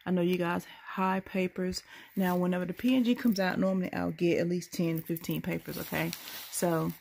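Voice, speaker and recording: A woman's voice: on the low side, fairly even intonation, a little fast, gravelly, a little mellow, a little hiss or hum. A sleepy woman, rambling through a casual late-night vlog into a handheld phone. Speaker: couponing vlogger.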